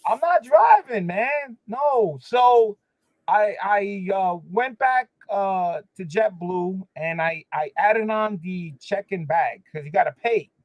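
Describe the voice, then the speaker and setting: A man holds court on a livestream in a casual, animated way, leaning hard on his complaints and padding them with fillers. His voice sits a little high. It comes through dry and close, but the sound is dull and lo-fi. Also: slow, dry recording. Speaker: livestream host. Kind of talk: casual chat.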